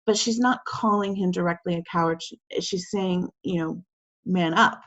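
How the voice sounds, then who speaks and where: A woman's voice: on the low side, normal speed, highs cut off. A woman teacher talking a class through quiz questions over a video call in a casual, chatty way, with lots of fillers and acted-out quotes.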